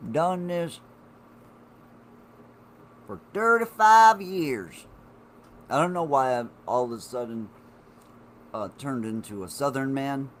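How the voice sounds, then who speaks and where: A man in his forties rambles through a casual live-stream chat at a slow, unhurried pace. He swears freely and talks straight to his viewers. His pitch sits in an ordinary middle range, with a faint hum of room ambience behind him. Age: 40s.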